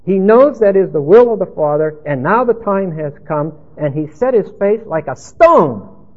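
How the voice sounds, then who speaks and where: A man's voice: high-pitched, lively intonation, moderate pace, husky. A man preaching an expository sermon, emphatic and rambling as he teaches, on a tinny phone-like recording.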